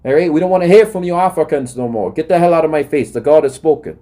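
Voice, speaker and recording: A man's voice: a little high, animated, fast, hardly any pauses, mellow, faint music behind. A man delivering a heated monologue rant in a confrontational, lecturing way, often tagging his points with "right?".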